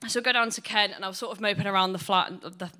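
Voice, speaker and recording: A woman's voice: mid-range voice, fast, bright, forceful tone. A woman doing blunt, sweary, self-mocking stand-up storytelling. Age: 20s. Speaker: stand-up comedian.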